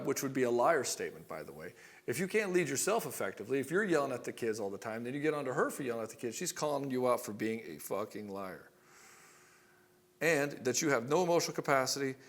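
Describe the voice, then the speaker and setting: A middle-aged male relationship coach speaks directly to the listener in a loose, casual monologue, cursing freely and imitating the voices in arguments he quotes. His voice is gravelly and sits at a typical male mid pitch, delivered fast with lively intonation.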